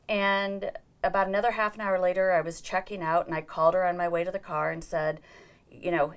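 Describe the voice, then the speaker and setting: A woman's voice: fairly low pitch, steady tone, fairly quick. A middle-aged woman giving an earnest personal account as an interview guest, acting out the dialogue she quotes.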